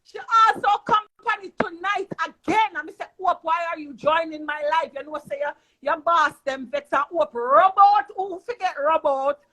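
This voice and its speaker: High-voiced woman hosting a live stream. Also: moderate pace, few pauses, pushed and bright. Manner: defensive, insistent.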